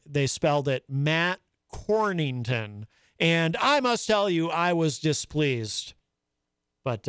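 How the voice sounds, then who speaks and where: A man's voice: a little high, clear, resonant tone, dry recording, studio quality. A man hosting a live talk show, chatting casually and reading viewer comments aloud. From New England, US. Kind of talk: casual live-stream chat.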